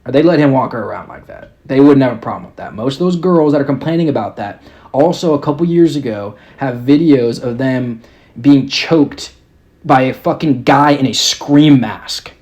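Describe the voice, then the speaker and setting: A young man at a middle pitch rants on his own podcast, swearing constantly and sounding exasperated. His tone is mocking and scornful throughout. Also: normal speed, a little mellow, dull audio. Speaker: podcast host. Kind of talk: casual rant.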